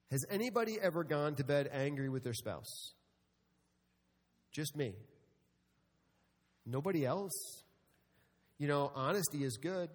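A man's voice: a little high, expressive, unhurried, pauses often, long reverb tail. A middle-aged man preaching a sermon to a congregation, telling stories with humor and speaking to the room. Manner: storytelling with humor, addressing the congregation. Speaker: pastor.

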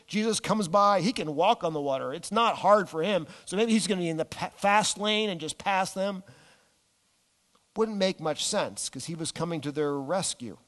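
A man preaching a sermon, animated, dropping his voice low and slowing down on key words. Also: in a large hall. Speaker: pastor.

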